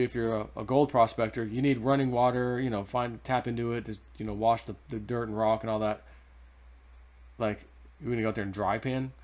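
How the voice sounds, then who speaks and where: A man of middle pitch tells a personal story in a loose, rambling way. He restarts sentences and drifts into asides as he goes. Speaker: vlogger. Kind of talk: casual storytelling.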